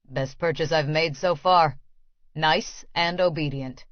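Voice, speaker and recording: A woman voices a controlling man whose voice is low, flat and utterly calm. He speaks slowly, every word an order. The sound is dry and slightly dull. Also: no room sound. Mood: cold, commanding. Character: cold commanding man posing as a master.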